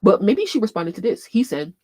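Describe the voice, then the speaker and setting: A woman hosting a casual fan livestream, thinking aloud as she scrolls and reads posts, swearing freely and bursting into loud laughs. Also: medium pitch, very animated, fairly quick, dry recording. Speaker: livestream host.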